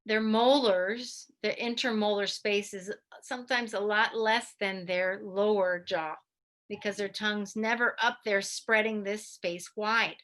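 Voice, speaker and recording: Bright-voiced woman teaching mouth exercises. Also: mid-range voice, measured pace. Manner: lively, demonstrates goofy mouth sounds. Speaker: physical therapist presenter. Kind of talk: instructional talk demonstrating exercises. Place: video presentation to a study club.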